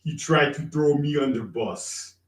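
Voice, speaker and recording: A man's voice: on the high side, a little slow. A man joining a casual chat as co-host, with dry, easygoing jokes. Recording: echoey, off-mic from a distance.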